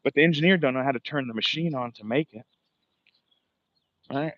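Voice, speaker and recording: A man's voice: medium pitch, brisk, dry recording, dull audio. A man, livestreaming as he walks outdoors by the water, talking casually, cursing often and ranting, a bit out of breath. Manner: profane, rambling, ranting.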